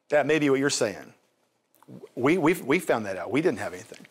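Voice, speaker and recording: A man's voice: mid-range voice, animated, a little fast, slightly rough. A man, a pastor co-hosting a TV talk show, teaching from the Bible in a folksy, emphatic way and turning to his wife with asides.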